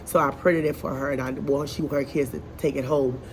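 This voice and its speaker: A woman's voice: a bass voice, steady tone, brisk, slight background noise. A woman, a first grade teacher, venting in a casual vlog in her classroom. She talks in an exasperated, chatty way with many asides and sounds congested and short of breath.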